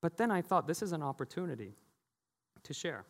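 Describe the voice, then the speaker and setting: Chatty pastor in a reverberant hall. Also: male voice, a little high, big pitch swings, a little fast. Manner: chatty, laughs often, leans on "you know". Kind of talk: conversational sermon with personal stories. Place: church sanctuary. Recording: long church hall reverb.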